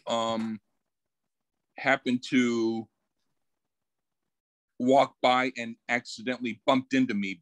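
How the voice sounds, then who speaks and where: A man co-hosting a casual podcast tells anecdotes in an unhurried way and laughs at his own stories. His voice is medium-pitched, and the low-quality recording has no room sound.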